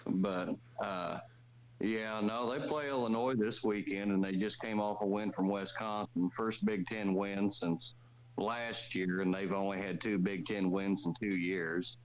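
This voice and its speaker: A man with a very low voice rambles bluntly on a call-in show and swears now and then. A faint hum sits under him. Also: fairly even intonation, a little slow, dull audio. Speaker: caller. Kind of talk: casual call-in chat.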